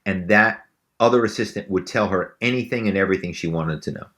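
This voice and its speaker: A middle-aged man, a former actor, telling stories as a podcast guest in an animated, conversational way. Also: sits low, brisk. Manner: animated storyteller, many fillers and restarts. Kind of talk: casual interview storytelling.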